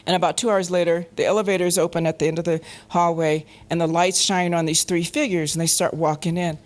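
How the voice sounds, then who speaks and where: Lively woman telling stories on a panel. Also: fairly low pitch. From Colorado. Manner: lively, laughs often, acts out quoted voices. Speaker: panel guest. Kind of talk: anecdotal storytelling. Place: festival panel stage.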